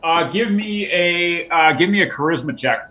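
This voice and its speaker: A man's voice: fairly high pitch, lively intonation, normal speed, bright, forceful tone, echoey room, poor audio. A man narrating a tabletop game as game master, loose and casual with fillers.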